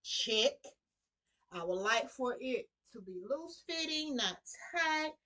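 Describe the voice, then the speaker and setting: A woman's voice: on the high side, lively intonation, slow, sharp tone. Chatty woman sewing vlogger, y'all. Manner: chatty, addresses viewers as y'all. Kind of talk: casual sewing tutorial.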